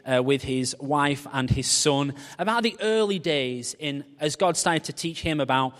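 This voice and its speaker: A man's voice: a little high, unhurried. A man, preaching a humorous, story-led sermon. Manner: humorous storytelling, animated voices for quoted people. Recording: long reverb of a large hall.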